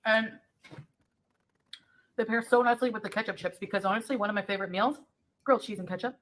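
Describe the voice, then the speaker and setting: A woman's voice: medium pitch, fast talker, a bit bright, slight background noise. Chatty woman reviewing snacks while eating. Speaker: food vlogger. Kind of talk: mukbang food review.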